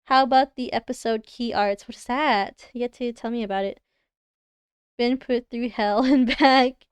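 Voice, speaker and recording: A woman's voice: fairly high pitch, steady tone, normal speed, clean tone, no room sound. A young woman with a Canadian accent, chatting casually and giggling as she reacts to viewers on a livestream. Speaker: livestreamer reviewing design work.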